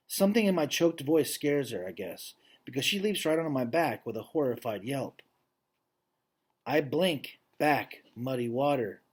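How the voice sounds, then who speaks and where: A man reading a children's novel aloud, voicing the dog narrator and pausing for casual asides. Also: on the high side, breathy edge. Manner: lively, stops to chat about the story.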